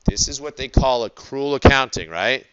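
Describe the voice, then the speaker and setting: A man teaching an accounting class, constantly asking the students rhetorical questions in an animated classroom lecture. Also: medium pitch, normal speed, lo-fi sound, background noise.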